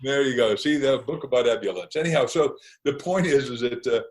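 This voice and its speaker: A man's voice: mid-range voice, expressive, brisk, rough recording. A man chatting as a guest author, telling stories in a jokey, rambling way. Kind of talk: casual interview chat.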